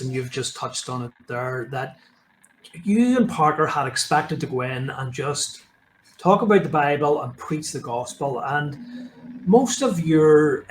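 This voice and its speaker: A man hosts a casual interview and searches for his words, restarting his sentences as he goes. His voice sits a little high for a man. Faint noise hums behind him. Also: rough recording. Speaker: podcast host.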